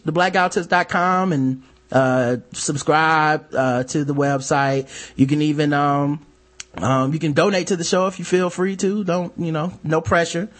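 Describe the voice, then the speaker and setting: A man hosting a podcast in casual chat, relaxed and profane, with many ums and uhs. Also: on the high side. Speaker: podcast host.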